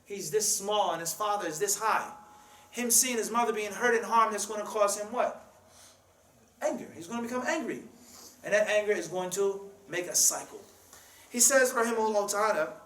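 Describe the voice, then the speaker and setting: A man's voice: high-pitched, fairly bright tone. A man preaching a sermon in a mosque, emphatic and full of rhetorical questions, with Arabic quotes. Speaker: imam giving a talk. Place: mosque hall. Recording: roomy hall sound from a distance.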